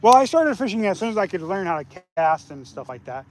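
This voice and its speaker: A man, hosting a casual live fishing stream outdoors. He laughs often and gets loud and excited whenever a fish bites. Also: sits high, fast talker, a little hiss or hum. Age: 40s. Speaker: fishing channel host. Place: outdoors by the water.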